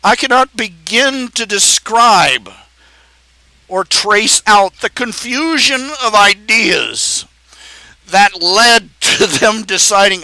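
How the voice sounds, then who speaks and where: A man hosting a live stream, talking in a casual, animated ramble, repeating phrases and laughing at his own jokes. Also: sits high, takes it slowly, no echo, low-quality recording.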